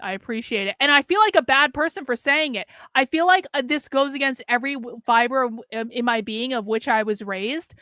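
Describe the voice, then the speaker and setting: High, bright-voiced woman ranting. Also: fairly quick, few pauses, no room sound, studio quality. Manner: blunt, profane, laughing at herself. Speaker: livestream host. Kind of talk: ranting political commentary.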